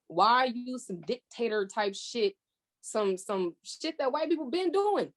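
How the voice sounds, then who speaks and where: A woman guest on a podcast in casual chat, talking bluntly and emphatically, with a lot of swearing. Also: mid-range voice.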